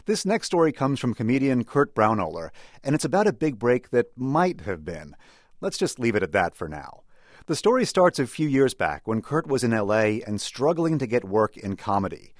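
A male host reading a scripted introduction in a measured, announcer-like way. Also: mid-range voice, very animated, no room sound, studio quality. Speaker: radio host.

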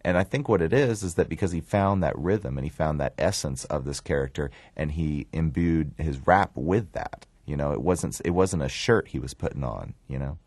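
A man with a Southern US drawl and a remarkably low, deep voice tells stories in an interview. He loops back and repeats words as he goes. The sound is close and dry. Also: normal speed, hardly any pauses, husky, dry recording. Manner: relaxed, repeats words and restarts, acts out quoted lines. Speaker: film writer-director. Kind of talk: storytelling in an interview.

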